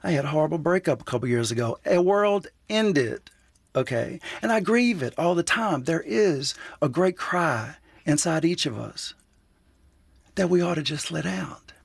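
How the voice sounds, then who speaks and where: Gravelly-voiced man telling a story. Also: fairly high pitch, animated, dry recording. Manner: earnest, quotes others in dialogue, slows down to stress points. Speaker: writer, interview guest. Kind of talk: reflective personal storytelling in a radio interview.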